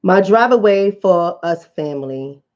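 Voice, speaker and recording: A woman's voice: fairly low pitch, lively intonation, a little slow, a little mellow. A woman with a Bronx accent giving a blunt, fired-up vlog monologue as a commentator and coach. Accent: New York, Bronx. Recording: slightly dull lo-fi audio.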